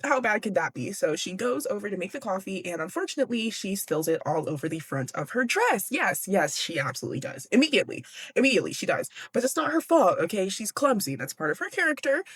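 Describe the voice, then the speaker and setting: A woman's voice: mid-range voice, big pitch swings, quick pace, husky. A young woman hosting a book podcast, chatty and giggly, casually swearing as she recaps a classic novel.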